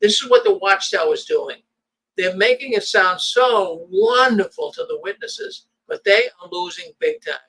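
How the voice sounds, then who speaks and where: A man's voice: sits high, big pitch swings, moderate pace, vocal fry, sharp tone, rough recording. A man, the host, talking in a casual conversation, emphatic and often repeating his first words.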